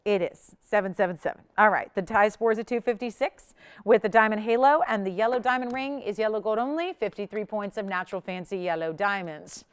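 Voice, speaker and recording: A woman's voice: medium pitch, brisk, clear, resonant tone. A woman hosting a live jewelry shopping show, chatty and enthusiastic, laughing often as she sells.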